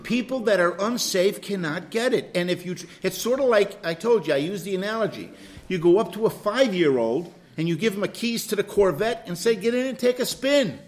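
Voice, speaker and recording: Guy teaching a bible class, kinda high voice, gets loud then goes hushed acting stuff out. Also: a little fast. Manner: animated, plays out quoted dialogue with swings from loud to hushed. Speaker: Bible study leader.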